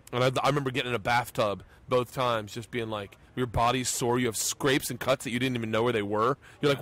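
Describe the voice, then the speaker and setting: A man's voice: medium pitch, fast, few pauses. A middle-aged male comedian hosting a podcast, telling profane stories and acting out quotes in a loose, casual way. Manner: profane, animated storytelling with acted-out quotes.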